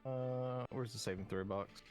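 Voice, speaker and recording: A man's voice: medium pitch, steady tone, measured pace, soft background music. A man playing a tabletop game, hesitantly asking how his rolls work. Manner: hesitant, asking about rules. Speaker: player.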